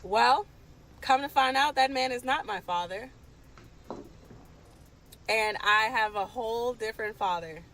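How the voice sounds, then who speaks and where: A woman's voice: on the high side, a little slow, pauses often, a bit bright, slight background noise, low-quality recording. Impassioned young woman telling her story. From Washington DC area. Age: late 20s. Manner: emphatic, impassioned retelling. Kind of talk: candid storytime to camera.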